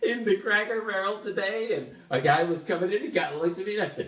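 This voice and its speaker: Animated, chuckling man in an echoey room. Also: high voice, quick pace. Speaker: vlogger. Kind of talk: casual storytelling to camera. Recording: echoey room, mic at a distance.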